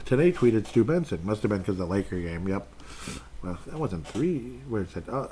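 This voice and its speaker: Chatty low-voiced man hosting a sports podcast. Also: darkish tone, a little hiss or hum. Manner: rambling, chatty, reads fan posts aloud. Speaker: podcast host. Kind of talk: casual solo sports podcast.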